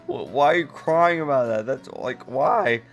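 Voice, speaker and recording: A man's voice: medium pitch, animated, unhurried, muffled recording, faint music behind. A man reading out posts and reacting in disbelief, laughing and rambling with fillers in casual commentary.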